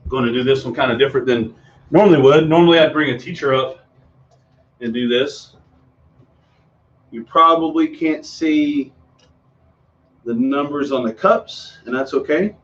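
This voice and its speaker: A middle-aged children's magician performs tricks for kids over a home video stream, rambling along with lots of ums and false starts. His mid-range voice moves at a moderate pace with frequent pauses. The audio sounds distant and dull, like a home video.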